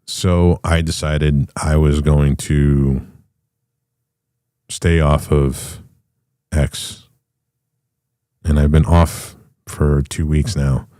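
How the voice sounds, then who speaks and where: A man's voice: a bass voice, level tone, extremely slow, pauses often, dark tone, no echo, studio quality. A middle-aged man hosting a podcast, rambling through a casual, profane monologue full of restarts. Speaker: podcast host.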